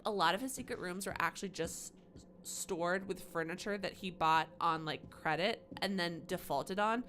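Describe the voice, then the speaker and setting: A woman's voice: on the low side, normal speed, fairly bright tone, a little hiss or hum. A woman streaming a game live, chatting with sarcastic asides about what she sees. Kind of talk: live gameplay commentary.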